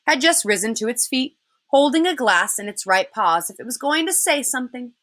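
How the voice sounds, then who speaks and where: A woman teacher reading a children's novel aloud in an expressive way. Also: mid-range voice.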